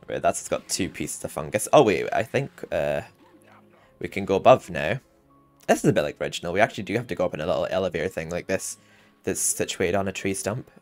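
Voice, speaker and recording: A man's voice: low voice, big pitch swings, fairly quick. A man commenting casually while playing through a video game, rambling and chatty. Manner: rambling, chatty, often laughing. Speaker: gaming channel host. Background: game music.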